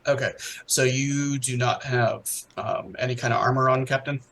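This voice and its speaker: A man's voice: mid-range voice, fairly even intonation, normal speed, vocal fry, fairly bright tone, low-quality recording. Hesitant male game master. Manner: hesitant, full of ums and restarts. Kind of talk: narrating a tabletop game.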